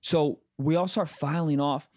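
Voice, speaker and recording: A man telling a story in casual podcast chat, animated and acting out the people he quotes, with lots of fillers. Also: on the high side, a little slow.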